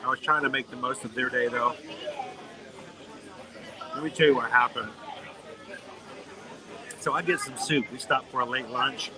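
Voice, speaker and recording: A man's voice: medium pitch, normal speed, pauses often, poor audio. Middle-aged man telling a silly story. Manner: animated, playful anecdote-telling. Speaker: live-stream host. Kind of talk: casual storytelling on a live stream. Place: outdoors in a busy theme park. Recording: busy crowd noise behind. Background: crowd, park sounds.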